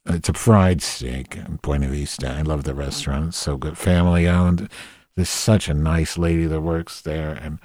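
A man's voice: rumbling low, fairly even intonation, moderate pace, a little mellow, no room sound, clean studio sound. A man telling a comic story as a rant, profane and exasperated. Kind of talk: comedic rant monologue.

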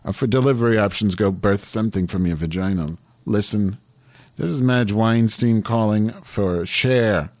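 A man's voice: lowish voice, moderate pace, a little mellow, no room sound, lightly acted. A man playing Madge Weinstein, a vulgar, irritable diva hosting a comedy show, rambling and swearing while making calls over Skype at home. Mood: irritated. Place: home, calling through Skype.

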